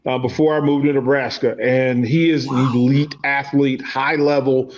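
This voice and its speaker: A man's voice: mid-range voice, little pitch movement, normal speed, a little hiss or hum. Eager man on a dull line. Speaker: podcast guest. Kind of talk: casual panel chat.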